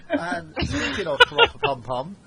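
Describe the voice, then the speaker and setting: A man hosting a podcast, chatting casually and acting out quotes in animated, swearing stories. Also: very high-pitched, moderate pace, creaky, rough recording. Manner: animated storyteller, acts out quotes, swears freely. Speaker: podcast host. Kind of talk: casual chat. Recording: crowd noise behind.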